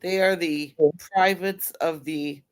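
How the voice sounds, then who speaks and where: A woman's voice: lowish voice, steady tone, slow, clean tone. A woman who is a regular on the show, chatting casually and making blunt, wry asides. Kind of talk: casual bar banter.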